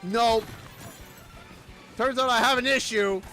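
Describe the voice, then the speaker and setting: A man from Canada chatting casually on a game livestream, telling a story with lively quoted voices. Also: very high voice, takes it slowly. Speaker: streamer. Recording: faint music behind.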